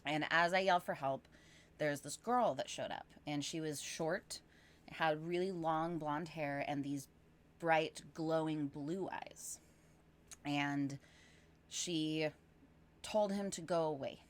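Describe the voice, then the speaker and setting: A woman guest on a podcast, telling a long personal story casually, animated and rambling with lots of fillers. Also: deep voice, takes it slowly.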